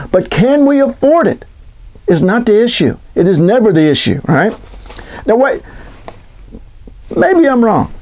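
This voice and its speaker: A middle-aged man talks through a solo commentary, his voice sitting high for a man. He is sarcastic and mock-questioning, and he often stumbles into restarts. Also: darkish tone. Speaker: podcast host.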